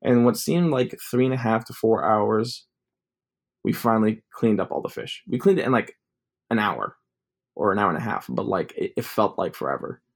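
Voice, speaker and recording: A man's voice: fairly low pitch, animated, normal speed, gravelly. Rambling young man telling a story. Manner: rambling, full of "like" fillers. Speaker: vlogger. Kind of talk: casual storytelling.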